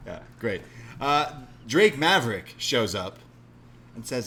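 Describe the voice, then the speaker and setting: A man in casual chat, retelling a wrestling episode and slipping into silly voices for the characters. His voice sits at an ordinary middle pitch. A faint noisy ambience hums under the talk. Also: a little slow. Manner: animated, acts out quotes in silly voices. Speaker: podcast co-host.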